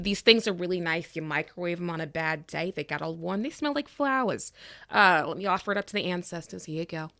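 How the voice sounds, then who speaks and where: A woman's voice: on the low side, bright, forceful tone. A woman player chatting scatteredly during a tabletop game. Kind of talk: tabletop role-play chat.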